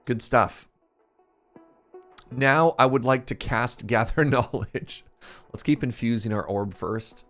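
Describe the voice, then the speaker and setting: A man live-streaming a game, telling a story in a chatty, animated way and laughing at himself. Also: medium pitch, slow pace, pauses often. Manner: animated storytelling, self-mocking, laughs often. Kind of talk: casual live-stream chat. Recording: faint game music behind.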